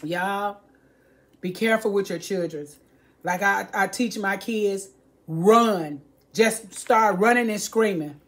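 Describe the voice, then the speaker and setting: Older woman, slow and pleading, preachy home vlogger warning her viewers. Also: medium pitch. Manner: pleading, preachy, repeats herself, acts out voices.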